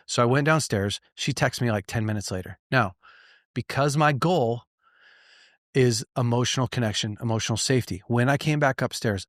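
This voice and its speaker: A man's voice: medium pitch, dry recording, clean studio sound. A man in his thirties or forties, a pastor hosting a podcast, talking straight to listeners in an earnest, emphatic way with rhetorical questions and frequent restarts. His voice can sound a little choked, as if near tears. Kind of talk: direct-to-listener podcast teaching.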